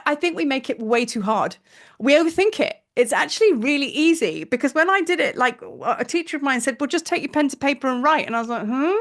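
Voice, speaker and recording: Chatty, effusive woman teacher, higher voice. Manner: chatty and effusive, laughs often, many fillers. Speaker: spiritual teacher leading an online class. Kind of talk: casual group teaching.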